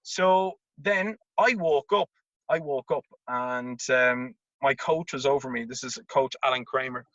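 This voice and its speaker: A man, a tennis coach telling an animated anecdote as an interview guest and acting out the voices in it. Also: mid-range voice, unhurried, no room sound. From Ireland. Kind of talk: casual storytelling. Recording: dull lo-fi remote audio.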